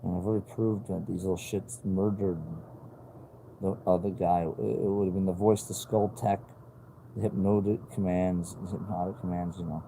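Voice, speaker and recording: A man talking to the camera in a rambling, halting way, swearing often and restarting his sentences. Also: low-pitched, little pitch movement, vocal fry, slight background noise, poor audio. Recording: loud music playing behind.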